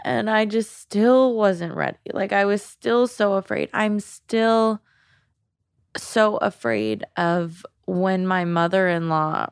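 A woman in her thirties, a guest on a podcast, talks slowly and haltingly. She breaks off and restarts as she speaks openly about her fears. Her voice is recorded close and dry. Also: medium pitch, clean tone, no echo. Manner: hesitant, halting and open about fear. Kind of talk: candid podcast conversation.

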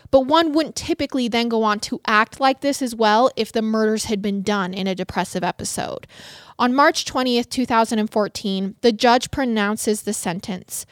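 A woman narrates a true crime case for her podcast, earnest and emotionally invested in the victims. Her voice sits a little high. The sound is dry and close, with no room around it. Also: dry recording. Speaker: podcast co-host.

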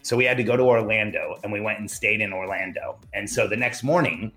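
A middle-aged man telling a long personal story in a conversation, animated and acting out the dialogue. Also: fairly low pitch, fairly quick, soft background music. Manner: animated, acts out quoted dialogue. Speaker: podcast guest.

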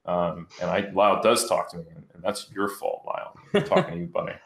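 A very low-voiced man talks in a measured way, with a dry sense of humor in a casual panel discussion. His voice sits in a noticeably roomy, echoing space. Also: very animated, creaky, slight background noise. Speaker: panel guest.

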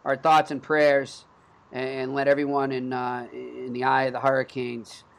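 A man's voice: mid-range voice, completely flat delivery, normal speed, gravelly. A man in his thirties with a Boston accent, hosting a sports podcast and telling stories in an earnest, conversational way. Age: 30s. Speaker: podcast host.

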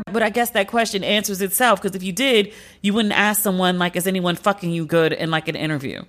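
A woman hosting a podcast, giving candid, profane commentary with sharp swings of pitch for emphasis. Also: normal speed. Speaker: podcast host. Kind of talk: casual commentary monologue.

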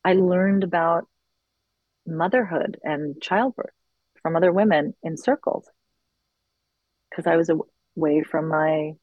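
A middle-aged woman who facilitates circles talks about leading them in a conversational interview, earnest and reflective, with animated bursts when quoting others. Her low voice is a little slow with long pauses, caught on a dry close mic with no room sound and phone-quality audio.

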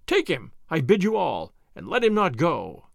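A man's voice: on the high side, huge pitch swings, normal speed, gravelly, no echo, clean studio sound, full character voice. A man voicing a blustering, angry sheriff who bellows commands in a storybook reading. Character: blustering angry middle-aged male sheriff.

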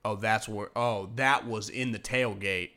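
Bright-voiced, profane sports podcast guy. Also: fairly low pitch, fairly even intonation, a little slow. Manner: rambling, profane, laughs often. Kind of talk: casual sports chat.

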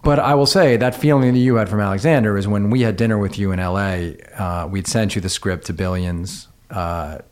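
A middle-aged man hosting an interview, talking in an earnest and halting way with many restarts. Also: fairly low pitch, darkish tone. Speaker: podcast host. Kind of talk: conversational interview.

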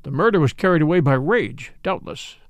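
A smooth, apologetic police official who soothes and persuades with formal courtesy, as a male reader voices him. The voice carries a gravelly grain and sits close and dry on the mic. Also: on the high side, animated, brisk, dry recording. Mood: soothing.

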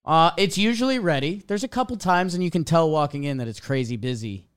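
Young man, podcast host, animated storyteller, slightly high voice, smooth clear tone. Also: fairly quick. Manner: animated storytelling, acts out quotes.

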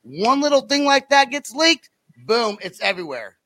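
A man's voice: extremely high pitch, sing-song, moderate pace, sharp tone, no echo. A man from Oklahoma, a podcast host, rambling and joking with many restarts. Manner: rambling, restarts a lot, jokey. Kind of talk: casual chat.

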